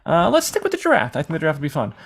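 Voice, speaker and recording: A man teaching a screen-recorded software lesson in a casual, rambling way, sometimes acting out questions from imagined viewers. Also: on the high side, wildly swooping pitch, rapid-fire. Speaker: software tutorial instructor.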